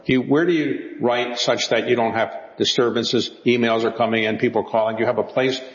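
Interview host, man, steady questioner, reverberant hall sound. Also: medium pitch, fairly quick. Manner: asks follow-up questions in runs. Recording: roomy reverberant muffled sound.

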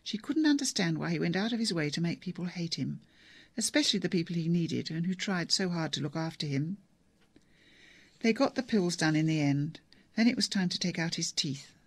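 A narrator reading a novel aloud in a measured, even storytelling manner. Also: mid-range voice, no room sound. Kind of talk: audiobook narration.

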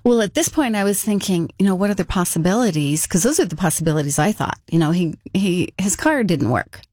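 A woman's voice: on the low side, expressive, brisk, darkish tone, no room sound, clean studio sound. A woman telling a personal story in an interview, casual and conversational, with frequent fillers. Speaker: interview guest.

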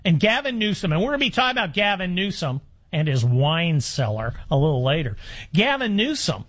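A man's voice: on the high side, very animated, fairly quick, a bit bright, breathy edge. A man in his sixties hosting a talk radio show, speaking in a wry, rambling monologue full of restarts. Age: 60s.

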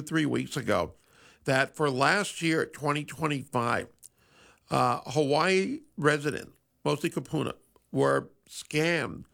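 A man's voice: on the high side, gravelly, fairly bright tone. A man hosting a sports radio show, telling a story in a rambling, conversational way. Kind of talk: casual radio monologue.

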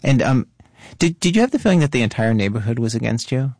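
A man hosting a podcast who narrates calmly and asks curious follow-up questions. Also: mid-range voice, quick pace, no echo, studio quality. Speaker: podcast host and interviewer. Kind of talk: narration and interview.

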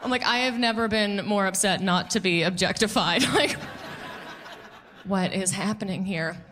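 Bright-voiced woman doing stand-up. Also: mid-range voice. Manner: quick, playful, mocking voices in quoted bits. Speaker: stand-up comedian. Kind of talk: stand-up comedy set. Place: stage before a live audience.

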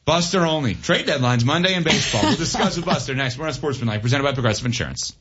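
A man's voice: medium pitch, animated, fast talker, over loud music. A man hosting a sports radio show, chatting and teasing his co-hosts in casual studio banter, often laughing. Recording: dull lo-fi radio broadcast.

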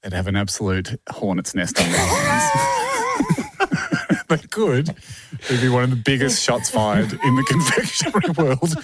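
A man's voice: mid-range voice, wildly swooping pitch, a little slow, heavy background noise. A man co-hosting a podcast, telling a story in casual chat and laughing often. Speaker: podcast co-host.

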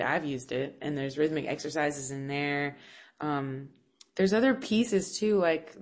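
A woman's voice: low voice, darkish tone. A woman, a music teacher and composer, answering interview questions in a thoughtful, searching way, with many restarts and fillers. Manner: laughs now and then.

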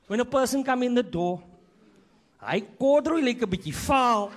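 High-voiced South African stand-up comic. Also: male voice, normal speed. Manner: energetic, punches lines up with loud bursts. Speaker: stand-up comedian. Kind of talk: stand-up comedy routine.

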